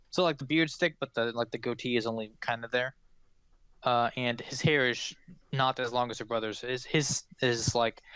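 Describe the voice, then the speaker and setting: A man's voice: mid-range voice, fairly bright tone, clear, resonant tone, no room sound. Rambling game master man. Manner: loose and rambling, with many fillers. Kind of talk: narrating a tabletop game. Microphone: podcast microphone.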